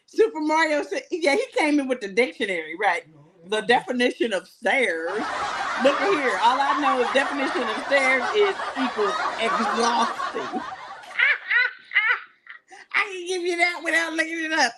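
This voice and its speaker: A woman's voice: high voice, sing-song, a little slow, fairly bright tone, slight background noise. A woman hosting a live jewelry sales show, chatting and laughing as she tells stories between items. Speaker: live shopping show host.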